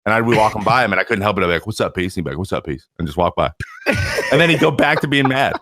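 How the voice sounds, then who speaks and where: A man chatting casually on a podcast, an animated storyteller who mimics his teammates and plays with words. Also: fairly low pitch, very fast, no echo, studio quality. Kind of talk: casual chat.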